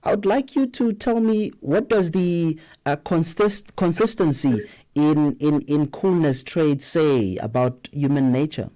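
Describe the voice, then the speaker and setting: A man's voice: a little high, measured pace, dark tone. A man, hosting a radio interview and asking questions with some hesitation. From South Africa. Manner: hesitant questions with repeated words. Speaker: radio show host. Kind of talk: broadcast interview.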